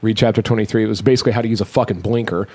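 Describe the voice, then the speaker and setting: Podcast host, young adult man, lowish voice, rapid and profane casual storytelling. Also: breathy edge. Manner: animated, heavily profane storyteller.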